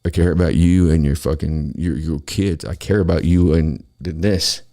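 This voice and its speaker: A man with a very low, gravelly voice rants on his own show. He talks angrily and swears constantly as he vents to his listeners. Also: steady tone, moderate pace, mellow. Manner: angry, profane, ranting. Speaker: podcast host. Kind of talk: solo political rant.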